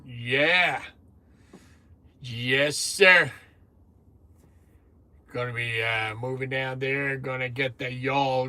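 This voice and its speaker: A chatty truck driver in his fifties from New Jersey hosts a casual livestream from his cab on a lunch break, greeting viewers by name and swearing casually. His mid-range voice sounds bright, with no room sound.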